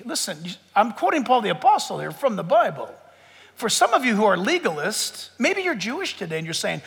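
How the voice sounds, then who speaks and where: A man preaches to his congregation in a sharp, forceful voice that sits very high. He jumps between plain teaching and acted-out bits of imagined talk. Long reverb rings from the church hall around him. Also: a little fast, gravelly. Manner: animated preaching, acts out voices of listeners. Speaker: pastor. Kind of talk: sermon. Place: church sanctuary before a congregation.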